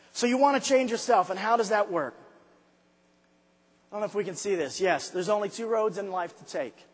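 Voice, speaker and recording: A man giving a motivational speech to a large arena crowd, dropping to quiet asides and then shouting his points slowly and hard. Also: very high-pitched, husky. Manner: swings from quiet intimate asides to shouted, drawn-out emphasis. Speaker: motivational speaker. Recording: live speech with long hall reverb.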